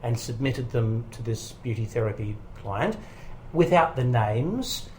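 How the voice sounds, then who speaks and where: A man in a casual interview, spinning animated anecdotes and slipping into the voices of the people he quotes. His pitch is mid-range, and faint room ambience hangs under a home recording setup. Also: a little slow, a little hiss or hum, low-quality recording. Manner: animated storyteller who quotes people in character. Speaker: guest voice actor and comedian.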